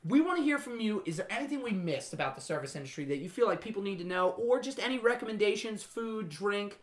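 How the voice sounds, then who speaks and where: A man's voice: high-pitched, lively intonation, fast. A man hosting a casual podcast, joking and teasing as he tells stories. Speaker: podcast host.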